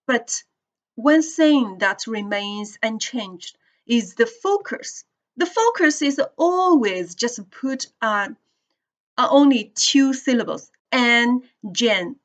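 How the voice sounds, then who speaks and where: A woman teaching English pronunciation to a class, explaining slowly and checking in with students as she goes. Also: a little high, expressive, lo-fi sound. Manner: slow, deliberate explaining with questions to the class. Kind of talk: classroom lecture.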